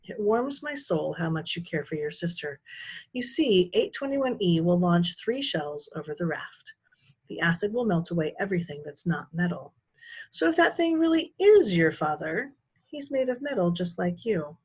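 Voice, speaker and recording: A cold, controlling villain speaks in a calm, condescending tone, as a woman reading a storybook puts him on. The voice is somewhat husky. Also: fairly low pitch, moderate pace, exaggerated voice, rough recording. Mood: coldly calm.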